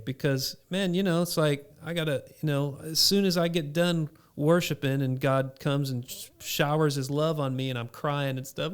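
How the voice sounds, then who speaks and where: A man on a podcast, a father telling an animated story about faith and his young son in a casual chat. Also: fairly high pitch, moderate pace, hardly any pauses, clear, resonant tone. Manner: animated storyteller acting out scenes. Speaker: podcast co-host.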